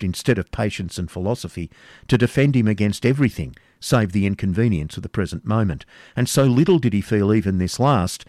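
A man reading an audiobook as narrator, measured and even. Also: lowish voice, no room sound, studio quality. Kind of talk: scripted narration.

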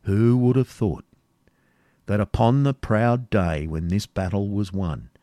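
A man's voice: on the low side, a little slow, warm tone, no room sound, lightly acted. A man voicing a proud, brooding old Saxon lord with a stately, declaiming manner in an audiobook reading, dry and close.

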